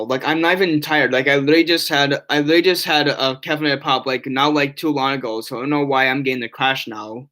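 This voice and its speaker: A man's voice: mid-range voice, steady tone, quick pace, few pauses, bright, forceful tone. A young man live-streaming from his bedroom, rambling to his chat with many restarts and fillers.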